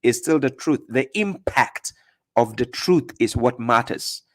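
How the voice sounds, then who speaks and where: A man's voice: mid-range voice, lively intonation, measured pace. A man hosting a call-in religious debate, lecturing assertively and acting out examples. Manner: assertive, lecturing, acts out examples with sudden shouts and whispers. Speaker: host.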